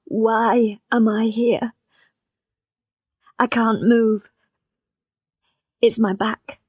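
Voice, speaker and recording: A frightened young man confined to a bed pleads and questions in an anxious voice, read by a woman. The delivery is slow and unhurried, lifted a little in pitch. The recording is dry and close. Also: steady tone, no room sound. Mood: pleading. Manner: pleading, fearful. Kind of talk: storybook reading.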